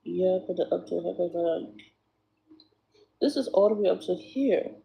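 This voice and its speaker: A woman's voice: on the low side, moderate pace, gravelly, muffled recording. A woman chatting to viewers while doing hair, swearing freely and calling them y'all. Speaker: hair vlogger.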